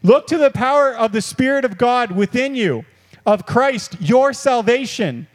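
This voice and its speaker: A male pastor with a high voice delivers an animated, repetitive sermon. His talk swings between quiet musing and excited outbursts. The sound carries the long reverb of a church hall. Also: a little slow.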